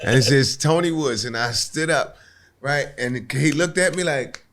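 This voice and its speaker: A man, a comedian guest on a podcast, telling a long anecdote in an animated way, repeating words as he restarts and acting out other people's voices. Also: mid-range voice, moderate pace. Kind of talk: storytelling anecdote. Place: podcast recording.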